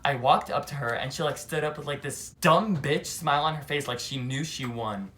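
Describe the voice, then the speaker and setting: A young man telling a casual storytime, animated and filled with "like" between phrases. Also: medium pitch, normal speed. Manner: animated, heavy use of "like". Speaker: vlogger.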